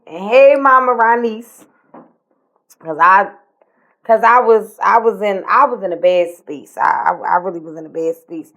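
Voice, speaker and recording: A woman, co-hosting a podcast, telling a personal story in casual talk, by turns animated and tearful, dropping to near-whispers. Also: mid-range voice, lo-fi sound. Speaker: podcast co-host.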